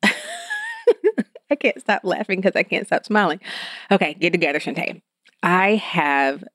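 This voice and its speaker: A woman's voice: lowish voice, no echo, clean studio sound. Upbeat woman hosting a podcast. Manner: upbeat, energetic and chatty. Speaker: podcast host. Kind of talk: solo business podcast talk.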